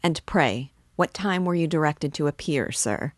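A huffy, self-important official barks his lines, read by a woman with a low voice. He blusters and takes offense at everything. The sound is dry and close. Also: expressive, a little slow, no echo. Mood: indignant. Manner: indignant, blustering. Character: irritable male police officer, pompous, easily offended.

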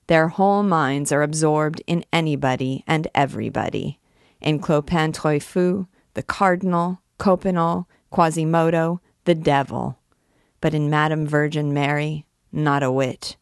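A man's voice: fairly high pitch, steady tone, moderate pace, gravelly, clean tone, dry recording, studio quality. A woman voicing a vain, frustrated male poet who grumbles and complains in an exasperated way. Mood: grumbling.

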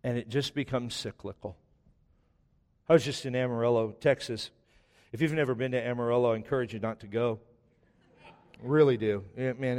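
A man's voice: medium pitch, darkish tone. A man in his forties preaching a sermon as pastor, telling stories with joking asides. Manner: conversational storytelling with joking asides. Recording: long reverb of a large hall.

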